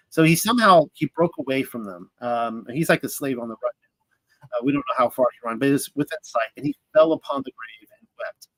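A man's voice: medium pitch, fairly bright tone, no room sound, poor audio. A man reading scripture aloud and commenting in a casual, thinking-aloud way, with fillers and restarts. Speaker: Bible study teacher.

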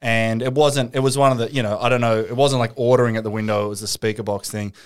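A man's voice: medium pitch, fairly even intonation, fast talker, smooth. A young Australian man telling rambling anecdotes full of fillers in a casual podcast chat.

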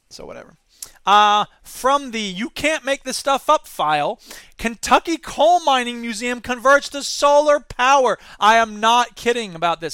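A man's voice: high-pitched, a bit bright, no echo. A man hosting a satirical news commentary show, reading stories aloud and ranting with sarcasm. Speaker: podcast host.

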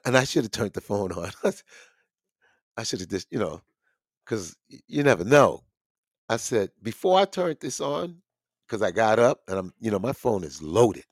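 A man's voice: fairly low pitch, no echo, clean studio sound. A middle-aged man hosting a show, telling a story in a casual, rambling monologue with blunt, profane street talk. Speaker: podcast host.

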